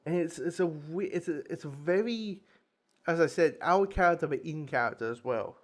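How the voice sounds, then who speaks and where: Guy rambling thru a comic review, lots of restarts, cusses and laughs, kinda high voice. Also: normal speed. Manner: rambling, many restarts, swears, laughs at himself. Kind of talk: casual spoken review.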